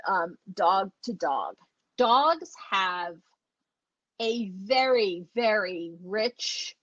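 A woman's voice: medium pitch, a bit bright, no room sound. A woman dog trainer teaching online, chatty and enthusiastic, acting out the dogs as she explains. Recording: dull lo-fi audio.

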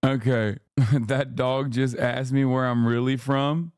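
A man streaming, giving loud, joking, profane commentary as he reacts to videos and laughs often. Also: medium pitch, fairly even intonation, very slow, no echo, clean studio sound.

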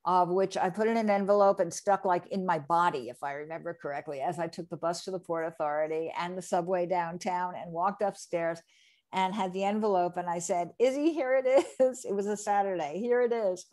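A woman's voice: lowish voice, fairly quick. Woman from New Jersey telling stories. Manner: lively anecdote telling, acting out quoted people. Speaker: interview guest, re-recording mixer. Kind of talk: casual storytelling interview.

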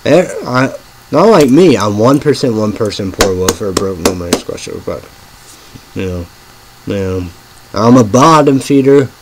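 A man rambling in a halting monologue, full of fillers, dropping to a murmur and then bursting out loud and swearing. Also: fairly low pitch, a little hiss or hum, poor audio. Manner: swings from murmuring to sudden loud outbursts. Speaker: vlogger.

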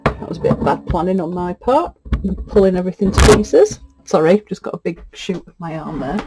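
A woman's voice: lowish voice, expressive, brisk, heavy background noise. A middle-aged woman, a textile artist, chatting casually as she looks over fabric pieces, gushing and easily moved. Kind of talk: casual unboxing chat.

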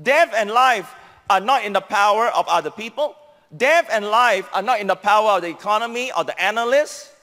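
A man's voice: lively intonation, a little fast, bright, forceful tone, long reverb tail. A man with a Singaporean English accent preaching a sermon as a pastor, emphatic and repetitive, stressing key phrases. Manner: emphatic preaching, repeating key phrases, sweeping pitch swings.

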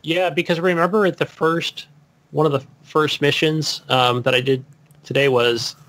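A man co-hosting a casual gaming podcast who thinks out loud as he talks. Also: on the high side, fairly even intonation, normal speed. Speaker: podcast co-host.

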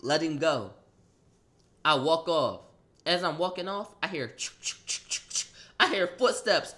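A young man telling a wild personal story, excitable and profane, acting out a fight with loud sound effects and rambling restarts. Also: fairly high pitch, unhurried. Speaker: storyteller vlogger. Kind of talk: animated storytelling.

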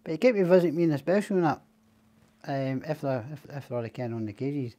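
A man's voice: fairly high pitch, expressive, quick pace, warm tone. A Scottish man telling long stories as a podcast guest, rambling and swearing freely. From Scotland. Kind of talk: casual storytelling chat.

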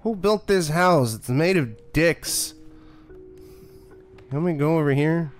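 A man's voice: on the high side, expressive, slow pace, faint music behind. A man streaming a horror game, talking in a casual, profane, sarcastic way and playing up being scared. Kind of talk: casual gameplay commentary.

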